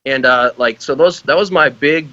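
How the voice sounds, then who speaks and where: A man's voice: medium pitch, moderate pace, sharp tone, no echo, dull audio. A young man, an army veteran guest on a podcast, chatting casually with lots of laughter, loose rambling and heavy swearing.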